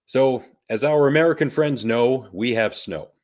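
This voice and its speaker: In a relaxed podcast conversation, a male co-host from Canada spins rambling stories. His voice is medium in pitch and darkish, delivered at a moderate pace.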